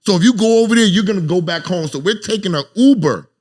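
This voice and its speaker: A middle-aged man from Queens with a New York accent, a guest telling profane, animated stories on a casual podcast. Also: high voice, fast. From South Jamaica, Queens, New York. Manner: profane, animated storyteller, acts out quotes.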